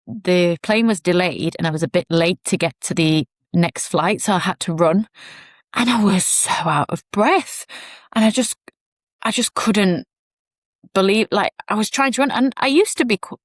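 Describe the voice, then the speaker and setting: A woman's voice: mid-range voice, lively intonation, moderate pace, dry recording, clean studio sound. A young woman podcast host telling a personal story in a chatty, rambling way with asides.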